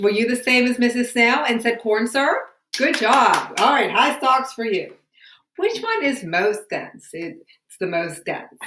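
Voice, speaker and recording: A woman teacher with a bright voice, leading a science lesson from home. She asks patient, encouraging questions, and her voice rings in an echoey room. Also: mid-range voice.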